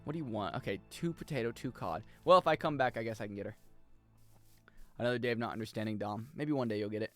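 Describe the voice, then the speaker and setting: A young man giving casual, jokey commentary as he plays a video game, swearing and breaking into loud high-pitched yells. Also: fast talker, no room sound, soft background music. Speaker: streamer.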